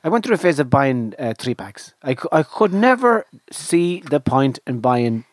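A man's voice: medium pitch, big pitch swings, moderate pace, dry recording. A man, telling rambling, self-deprecating stories in casual chat on a podcast. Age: 50s. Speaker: podcast co-host.

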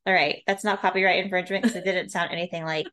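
A woman's voice: on the low side, fairly even intonation, fast, sharp tone. Chatty woman podcast co-host. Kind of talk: casual chat.

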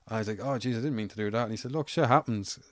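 Low-voiced and racing along, an Irish amateur MMA fighter rambles through anecdotes, cursing constantly as he chats. The sound is dry, with no echo.

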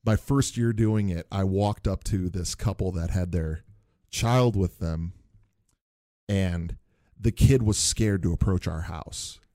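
A man chatting casually on a podcast and telling an animated story, acting out the people in it. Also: sits low, takes it slowly, dry recording, clean studio sound. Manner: animated storyteller, acts out quoted voices.

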